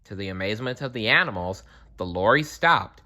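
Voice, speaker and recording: A man reading a children's story aloud in an expressive way, sometimes correcting himself. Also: on the low side. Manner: slow, expressive reading with small self-corrections.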